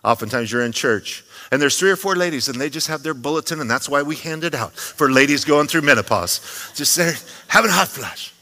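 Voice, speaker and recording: A man's voice: on the high side, animated, fairly quick, sharp tone. A male pastor preaching a sermon in a church, talking in a conversational way with joking asides. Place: church sanctuary. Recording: long reverb of a church hall.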